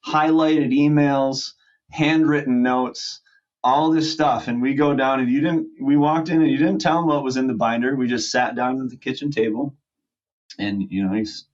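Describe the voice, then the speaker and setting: A man in his forties, a podcast guest, telling a long story with fillers and restarts and acting out what people said. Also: mid-range voice. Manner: rambling with fillers and restarts, acts out quotes. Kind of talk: casual storytelling. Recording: muffled lo-fi audio.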